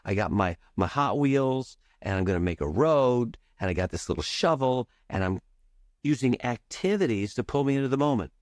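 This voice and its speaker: A man, a charisma coach and podcast guest, talking with playful energy and varying his speed and pitch for emphasis. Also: lively intonation, moderate pace, darkish tone, dry recording, studio quality. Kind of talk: animated podcast coaching talk.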